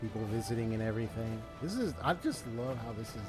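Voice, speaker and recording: A man's voice: medium pitch, lively intonation, fast talker. A man talking casually through a first-time game playthrough, chatty and full of slang, laughing often. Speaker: gaming YouTuber. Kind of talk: casual let's-play commentary. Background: game music.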